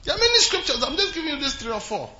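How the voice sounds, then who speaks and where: Animated preacher, bright voice. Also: male voice, racing, lo-fi sound, a little hiss or hum. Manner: animated preaching that swings from shouted exclamations to low, quiet asides. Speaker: pastor. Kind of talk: sermon.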